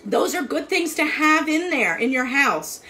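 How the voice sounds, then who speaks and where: A woman's voice: high-pitched, animated, measured pace, sharp tone, slight background noise. A woman hosting a live cooking demo, chatty and upbeat, talking to viewers while she cooks and tastes. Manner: chatty, upbeat, eats and talks at once. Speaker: cooking show host. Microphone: live stream from a kitchen.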